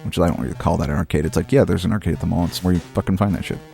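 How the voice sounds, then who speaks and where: A man's voice: sits low, very fast, creaky, warm tone, faint music behind. A man from Maine in his thirties, hosting a retro game playthrough and rambling through casual, profane, wry commentary. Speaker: host. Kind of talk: casual let's-play commentary.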